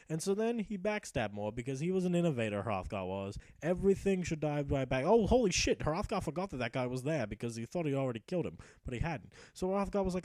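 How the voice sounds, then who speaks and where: A young man tells his gameplay like a mock-heroic tale, with sarcasm and plenty of swearing. His mellow voice swings widely in pitch and sounds dry and close on the mic. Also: sing-song, no echo. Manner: sarcastic storyteller, swearing, quick voice shifts. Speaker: gaming commentator. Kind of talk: mock-epic narration of gameplay.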